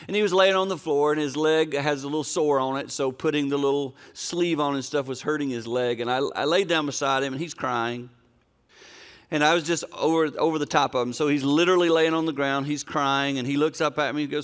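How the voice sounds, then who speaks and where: A man's voice: fairly high pitch, normal speed, fairly bright tone, smooth. An older man preaching a sermon, telling a personal story in an earnest, conversational, folksy way. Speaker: pastor.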